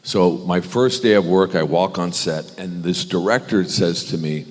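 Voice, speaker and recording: A man, a guest actor on a convention panel, telling an animated, self-deprecating anecdote with many restarts. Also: low voice, unhurried, hardly any pauses. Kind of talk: anecdotal storytelling. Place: large convention hall panel. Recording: echoey convention hall.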